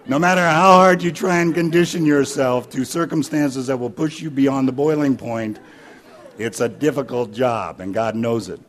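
A man's voice: mid-range voice, moderate pace. Man preaching, folksy and anecdotal. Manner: folksy, anecdotal, with fillers and restarts. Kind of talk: sermon with humorous stories.

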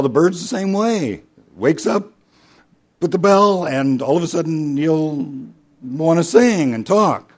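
A man's voice: fairly high pitch, a little mellow. A man pastor preaching a sermon in a conversational storytelling way, often asking the congregation questions.

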